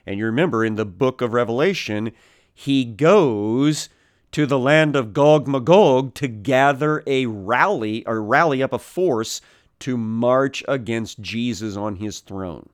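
A man teaches from the Bible at an unhurried pace, pausing often and filling the gaps with "uh" as he works through the origins of old words. His voice is smooth and clear, and it is recorded close and dry with no room echo. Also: mid-range voice. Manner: slow and deliberate, many pauses and "uh" fillers; explains word origins, corrects himself mid-sentence.

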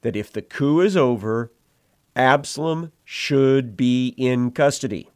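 A man preaching an expository sermon, retelling the passage verse by verse in a measured, explanatory way. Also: mid-range voice, smooth, no room sound, clean studio sound.

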